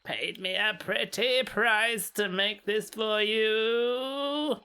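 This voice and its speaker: A man voicing a doting old granny shopkeeper in a game, in a high, slow, cooing voice. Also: bright, forceful tone, clean tone, full character voice.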